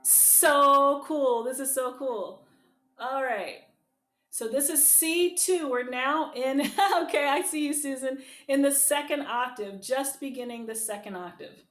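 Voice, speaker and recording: A woman's voice: sits high, measured pace, fairly bright tone. A woman voice teacher leading an online group lesson, upbeat and encouraging, talking to people in the chat. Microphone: video call. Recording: echoey room with keyboard.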